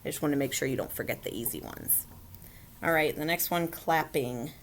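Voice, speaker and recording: Low-voiced woman teaching phonics. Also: fairly quick, slight background noise. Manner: patient, explains step by step, often asks "right?". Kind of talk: recorded phonics lesson for children.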